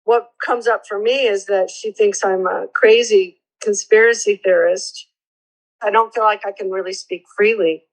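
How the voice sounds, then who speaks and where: Earnest older woman, halting, near tears. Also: mid-range voice, steady tone, poor audio. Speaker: mother of the host. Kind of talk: emotional conversation in therapy.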